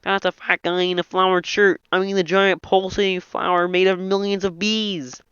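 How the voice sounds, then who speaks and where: A high, reedy frog voice, voices every character in a film script without changing the voice. The tone is bright and crisp. It sits close and dry on a dull lo-fi mic. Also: male voice, level tone, normal speed, no echo. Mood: frantic. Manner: voices all the film's characters in one frog voice. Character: [man doing] Kermit the Frog, nasal puppet frog. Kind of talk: comedic impression reading a film script.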